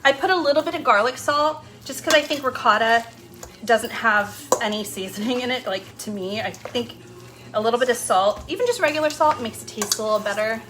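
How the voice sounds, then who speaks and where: A woman's voice: a little high, brisk, background noise. A young woman hosting a casual cooking demo in her home kitchen, chatting loosely with lots of fillers as she works. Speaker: home cooking show host.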